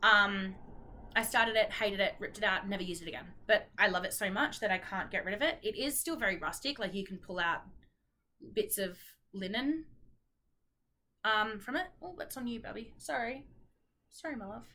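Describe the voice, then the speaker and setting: Bright-voiced Australian woman chatting casually. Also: mid-range voice, animated, moderate pace, a little hiss or hum. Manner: chatty, rambling, apologetic, many ums. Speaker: knitting vlogger. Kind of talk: casual chat.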